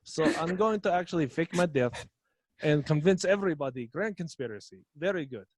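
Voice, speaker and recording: A man voicing a boastful, filthy Russian mad-monk cult leader in a loud mock-Russian accent drifting toward mock French, with pompous broken grammar. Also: on the high side, expressive, fairly quick, dry recording.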